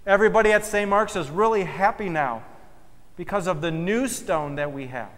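Emphatic preacher in a reverberant church. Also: male voice, high voice, animated. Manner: emphatic, swells loud then drops soft and slow. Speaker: pastor. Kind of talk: sermon. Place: church sanctuary.

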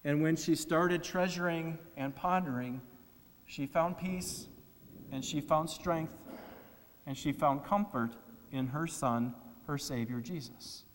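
A man's voice: on the high side, slow, long reverb tail, a little hiss or hum. A man preaching a sermon, asking rhetorical questions and acting out quoted complaints. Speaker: pastor.

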